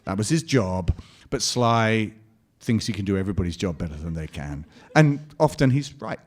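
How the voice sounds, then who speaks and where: Lively storytelling man at a convention panel. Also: fairly low pitch, normal speed. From Scotland. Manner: lively anecdotal storytelling with quoted voices and laughs. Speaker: convention panel guest actor.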